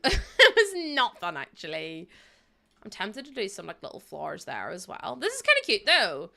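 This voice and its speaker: A woman's voice: mid-range voice, huge pitch swings, normal speed, creaky, sharp tone. A woman streaming a game, chatting with viewers in a rambling, laughing way. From Ireland. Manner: rambling, chatty, laughs often, talks to chat. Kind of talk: casual livestream chat while playing.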